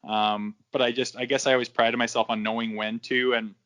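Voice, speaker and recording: Brief: man, 30s, podcast guest spinning foul-mouthed hockey yarns, flat level delivery. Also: mid-range voice, brisk. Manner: swears freely, acts out quoted dialogue. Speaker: guest, former hockey enforcer. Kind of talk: casual storytelling in a podcast interview.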